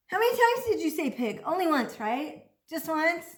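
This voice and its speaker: A woman teaching a children's speech lesson, encouraging and slowly over-articulating each prompt. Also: high-pitched, sing-song. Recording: echoey room.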